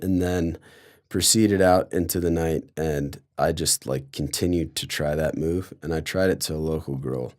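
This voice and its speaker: A man's voice: extremely low pitch, normal speed, darkish tone. A young man from Colorado telling a story on a podcast, loose and sarcastic, filling his talk with "like". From Colorado, USA. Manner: loose, sarcastic, heavy use of "like". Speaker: podcast guest. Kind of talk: casual storytelling.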